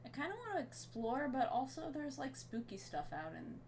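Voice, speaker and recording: A woman's voice: high voice, big pitch swings, a little fast, few pauses, a little mellow, slight background noise. A sleepy woman streaming and chatting casually, rambling with many fillers. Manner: baby talk to her cat. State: sleepy, yawning.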